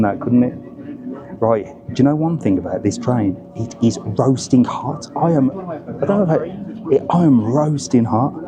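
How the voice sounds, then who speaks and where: Chatty man filming in a crowd. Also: mid-range voice. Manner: chatty, blunt, swears when annoyed. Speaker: travel vlogger. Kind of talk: casual travel vlog. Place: crowded alpine train station and train.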